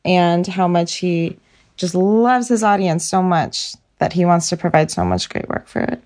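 Young woman podcast guest, slow and mellow, laid-back. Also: fairly low pitch. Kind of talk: casual podcast chat.

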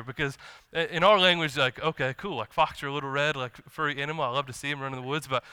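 Bright, crisp-voiced male pastor preaching. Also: on the high side, dry recording. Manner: conversational and animated, quoting scripture and acting out dialogue. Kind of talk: sermon. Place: church.

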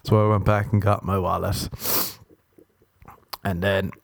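A man's voice: low voice, flat delivery, unhurried, creaky, dry recording. Rambling, self-mocking man. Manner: rambling, self-mocking storyteller who laughs often. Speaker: podcast host. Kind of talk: comedic podcast monologue.

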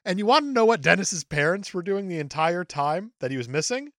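A woman's voice: lowish voice, sing-song, a little fast, a bit bright, no echo, studio quality. A woman co-hosting a podcast, reviewing a movie in casual, sarcastic chat, often dropping into mock voices. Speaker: podcast co-host.

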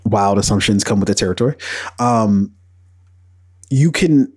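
A man's voice: fairly low pitch, a little slow, darkish tone, breathy edge, no echo. A man hosting a podcast in casual solo commentary, rambling and profane, with many fillers and bursts of animation. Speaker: podcast host.

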